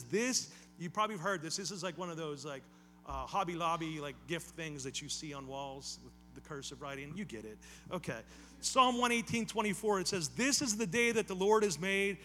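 A man's voice: sits high, pushed and bright, slight background noise. A male pastor preaching a sermon in a conversational style, with casual asides and repeated phrases that build to emphatic calls.

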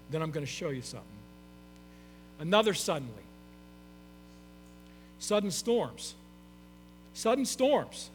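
A middle-aged pastor preaches a sermon to his congregation, emphatic and repeating his key phrases. His voice is high-pitched and a bit bright. The recording carries a long hall reverb and a faint mains hum.

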